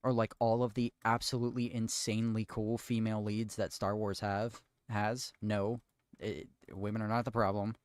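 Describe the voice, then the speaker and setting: A man's voice: on the low side, flat delivery, moderate pace, smooth, no room sound, studio quality. A man chatting casually while building, ranting at length with restarts and swearing. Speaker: streamer.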